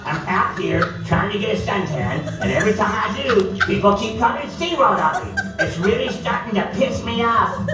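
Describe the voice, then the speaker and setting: A furious, high, indignant woman screeches at her rescuers, swearing as she protests, put on by a man. The voice soars way up in pitch. It sounds like it was caught from a distance in a very echoey room with loud music under it. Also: animated, brisk. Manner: shrill, indignant, swearing, laughing through it. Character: sunbathing woman mistaken for whale, furious.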